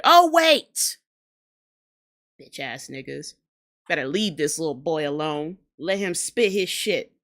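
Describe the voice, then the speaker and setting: A woman's voice: mid-range voice, fairly bright tone. A woman with a New Orleans accent hosting a casual reaction show, talking bluntly and profanely in heated rants. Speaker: host reacting to rap videos.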